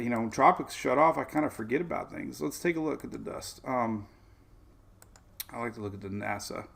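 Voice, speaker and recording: A man hosting a weather show, chatting casually and excitably, often saying "man". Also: medium pitch, vocal fry. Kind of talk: casual live-stream chat.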